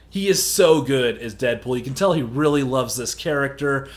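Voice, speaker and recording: A man's voice: fairly high pitch, normal speed, hardly any pauses, fairly bright tone. A man casually reviewing a movie in a rambling, candid way and swearing now and then. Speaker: film reviewer.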